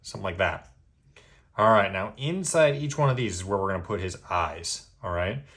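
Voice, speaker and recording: A man with a fairly low voice walks the viewer through a drawing tutorial one line at a time. He stays patient and relaxed, often pausing to ask "okay?" before moving on. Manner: patient, checks in with "okay?" after each step. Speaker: drawing instructor.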